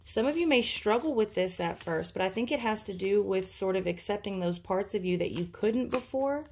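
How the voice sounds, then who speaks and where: A woman's voice: medium pitch, animated, moderate pace, slightly rough. A woman giving an intuitive tarot reading, talking casually and thinking aloud with many fillers. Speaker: tarot reader.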